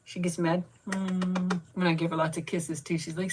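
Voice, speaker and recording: A woman's voice: on the low side, level tone, moderate pace, noisy background. A woman in her fifties hosting a casual live chat, cooing baby talk at her pet and thanking viewers by name. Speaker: channel host.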